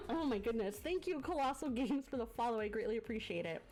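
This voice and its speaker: A woman's voice: on the high side, animated, a little fast, darkish tone. A woman streamer chatting to her live viewers, effusive and full of thanks, sounding congested from a cough, into a desk mic. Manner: effusive, gushing thanks to viewers with many fillers. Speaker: variety streamer hosting a guest. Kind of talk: casual live-stream chat. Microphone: desk microphone.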